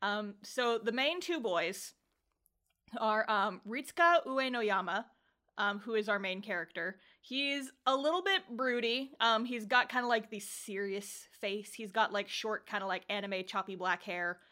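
A woman's voice: medium pitch, a little slow, sharp tone. A woman co-hosting a podcast in casual chat, rambling with lots of fillers, cheerful swearing and laughter. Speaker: podcast co-host.

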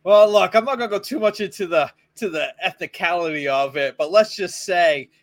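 A man's voice: high-pitched, brisk. A man co-hosting a podcast, chatting casually with lots of swearing and offhand news remarks. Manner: swearing, laughing, reads news items offhand. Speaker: podcast co-host. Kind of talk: casual profane banter.

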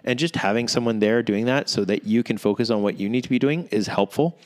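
A man hosting a casual fitness podcast, explaining training tips in a relaxed, steady coaching manner. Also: mid-range voice, fast talker. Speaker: CrossFit coach and podcast host. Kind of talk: casual chat.

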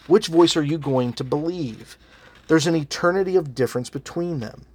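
A man's voice: on the high side, animated, a little fast, a little mellow. A man preaching a sermon as a pastor, earnest and emphatic, weaving in personal stories.

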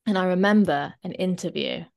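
A woman fitness coach co-hosting a podcast, chatting casually and often checking in with a quick "right?". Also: on the low side, creaky. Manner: chatty, animated, often tags a questioning "right?".

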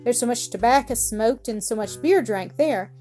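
An eager, generous young newsboy, bright and a touch high, shouting out his offers, as a woman reading the story puts him on. Faint music plays under the voice. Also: lively intonation, moderate pace, close to an everyday voice. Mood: cheerful.

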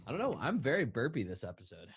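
A man's voice: mid-range voice, wildly swooping pitch, fast, slight background noise. A man co-hosting a podcast in casual chat, playful and rambling, laughing often. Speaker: podcast co-host.

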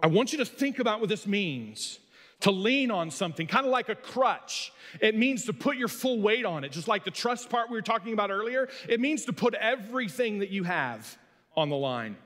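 A man preaching a sermon as pastor, swinging between loud emphasis and quiet asides. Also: sits high, very animated, moderate pace, big-room sound.

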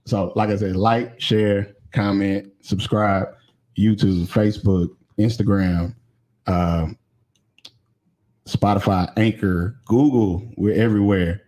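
A man's voice: lowish voice, fairly even intonation, takes it slowly. A man hosting a podcast in casual chat, loose and joking. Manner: loose, joking, shouts out to viewers. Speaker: podcast host.

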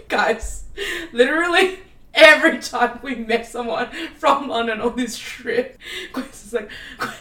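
A woman's voice: fairly high pitch, animated, slow pace, fairly bright tone. A young woman, co-hosting a podcast in casual chat, laughing often and teasing. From Australia. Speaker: podcast co-host.

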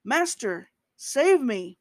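A woman's voice: high-pitched, very animated, very slow, dry recording, voice pushed up, full character voice. A woman voicing a bold, eager male fisherman disciple in a read-aloud scripture story, with an urgent, pleading delivery and a close, dry sound.

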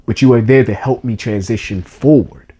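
A man's voice: mid-range voice, normal speed, mellow, slightly rough. A man co-hosting a podcast, telling a personal story in an earnest, emotional way with casual slang.

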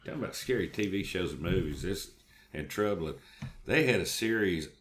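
A man's voice: low-pitched, animated, normal speed, a little hiss or hum. A man, co-hosting a podcast, telling folksy stories in casual chat. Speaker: podcast co-host.

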